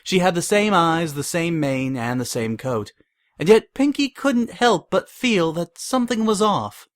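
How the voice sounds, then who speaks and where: A man's voice: on the high side, sing-song, a little slow. Man narrating a fanfic reading.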